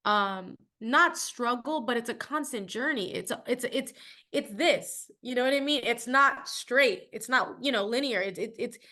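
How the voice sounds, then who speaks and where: Bright-voiced woman, reflective guest. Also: fairly high pitch, moderate pace. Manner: reflective, earnest, searching for words. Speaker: podcast guest, actress. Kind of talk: casual conversation.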